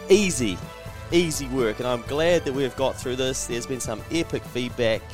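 A man hosts his own motivational podcast in a mid-range voice, fired up and blunt, swearing as he talks straight to the listener. He slips into higher, mocking voices to play the doubters. Faint music plays under him. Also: normal speed. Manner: energetic, blunt and swearing, mimics naysayers in a higher voice. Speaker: podcast host.

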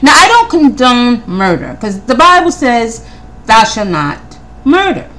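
An animated woman with a fairly high, lively voice hosts a podcast, working through her handwritten notes. She rattles off pointed questions one after another, doubling back on her words, with a preacher's conviction. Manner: animated, rapid-fire questioning, repeats words; preacherly Christian tone. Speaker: podcast host. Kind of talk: casual commentary from notes.

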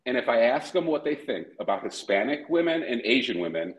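A man's voice: medium pitch, very animated, a little fast, roomy sound, poor audio. A man hosting a podcast in casual chat, profane and rambling, often breaking into laughter. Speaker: podcast host.

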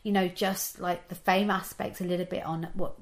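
A woman's voice: fairly low pitch, little pitch movement, normal speed. A woman from England interviewing a guest in a chatty, casual way, often saying "like.". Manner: chatty, frequent "like" fillers.

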